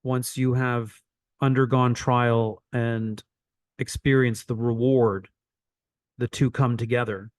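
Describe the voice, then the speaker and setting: A man's voice: medium pitch, little pitch movement, slow pace, no room sound, clean studio sound. A man coaching an online teaching session, repeating phrases for emphasis as he explains.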